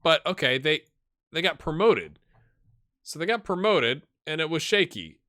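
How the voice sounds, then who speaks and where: A man's voice: fairly high pitch, animated, unhurried, pushed and bright, no room sound, clean studio sound. A man hosting a gaming channel, casually commenting on a management game, chatty and thinking aloud with rhetorical questions.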